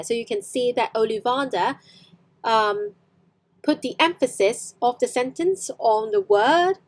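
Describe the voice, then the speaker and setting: A young woman whose first language is Cantonese, teaching English on a live stream and repeating lines slowly for practice. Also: a little high.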